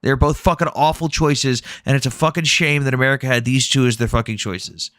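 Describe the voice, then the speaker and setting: Blunt, profane man with a bright voice. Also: mid-range voice, steady tone, a little fast, no echo. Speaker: host. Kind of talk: casual heated debate chat.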